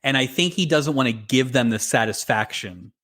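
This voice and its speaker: Male podcast co-host, lively pitch, opinionated, conversational. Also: moderate pace. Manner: animated, opinionated commentary. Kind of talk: casual podcast chat.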